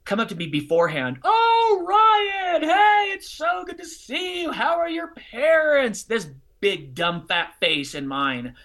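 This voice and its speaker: A middle-aged man telling a personal story in conversation, expressive and bursting into loud excited outbursts. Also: on the high side. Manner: expressive, swings into loud excited outbursts when acting out scenes. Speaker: guest, charity fundraising speaker.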